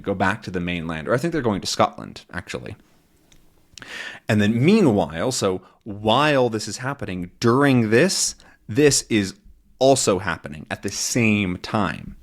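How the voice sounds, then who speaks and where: A man teaching English to learners by reading a comic aloud and explaining its words in plain language. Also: mid-range voice.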